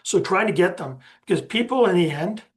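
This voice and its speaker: A man's voice: sits high, lively intonation, fairly quick. A man presenting a lesson on negotiation in a conversational, rambling way, with many restarts and fillers. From Canada.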